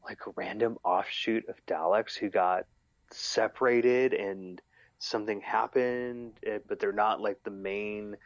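Excitable man on a dull lo-fi mic. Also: lowish voice, unhurried, no room sound. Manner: excitable, stammers and restarts while thinking aloud. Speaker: podcast co-host. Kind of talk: casual chat recapping an episode.

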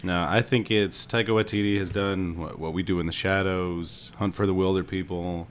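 A man's voice: low voice, fairly even intonation, normal speed, slight background noise. A man in a casual podcast chat, with a dry, sarcastic way of talking.

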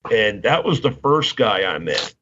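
A man's voice: lowish voice, big pitch swings, unhurried, pushed and bright, slight background noise. A man telling long, rambling stories in casual chat, laughing often and acting out what people said. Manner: rambling, laughing, acts out quotes. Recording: dull lo-fi sound.

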